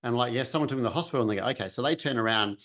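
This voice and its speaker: A man tells his own story in a relaxed, chatty way. His voice sits at an ordinary middle pitch. He acts out quotes and sounds as he goes. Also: racing. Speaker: vlogger telling a personal story. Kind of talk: casual storytelling.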